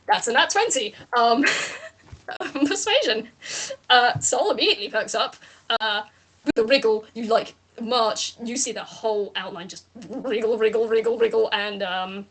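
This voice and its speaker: A woman's voice: on the high side, moderate pace, a bit bright. A woman running a tabletop game as game master, narrating in a rambling way with many fillers.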